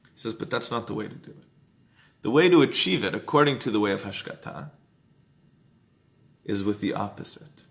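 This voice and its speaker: A man teaching an informal Jewish text study class, conversational, often checking in with "right?" and loudly acting out inner voices. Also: on the low side, lively intonation, normal speed, creaky, pauses often.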